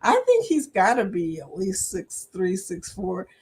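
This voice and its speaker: A woman's voice: mid-range voice, huge pitch swings, unhurried, darkish tone, slightly rough. A middle-aged woman from Pennsylvania hosting a livestream, chatting casually, reading out comments and laughing often. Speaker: livestream host.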